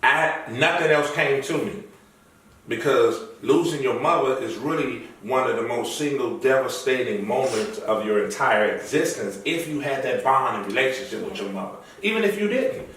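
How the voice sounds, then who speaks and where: A man's voice: mid-range voice, normal speed, a little hiss or hum. Middle-aged male guest, casual storyteller, recorded off-mic in a very reverberant room. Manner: animated storyteller, acts out quoted lines. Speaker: interview guest. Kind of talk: casual conversational interview. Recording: echoey room, far from mic.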